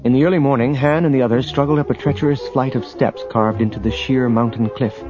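A man narrating an adventure audiobook in a steady, measured storytelling manner, on a dull lo-fi recording. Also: mid-range voice, soft background music. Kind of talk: scripted narration.

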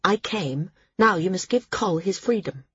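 Brief: a steady, defiant young heroine in an audiobook, read by a woman, breathy and a bit raised in pitch. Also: highs cut off, full character voice. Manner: firm, measured, careful.

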